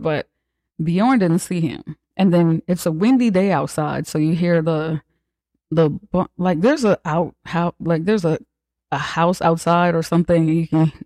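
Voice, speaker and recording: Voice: medium pitch, darkish tone, no echo. A podcast host giving a casual, slangy, profane movie recap with joking asides.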